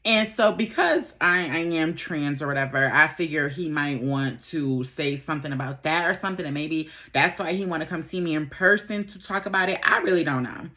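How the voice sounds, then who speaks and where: A woman's voice: low voice, normal speed, hardly any pauses, pushed and bright. A woman from Buffalo, New York telling a rambling, slangy story in a casual get-ready-with-me vlog, often repeating herself. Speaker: vlogger.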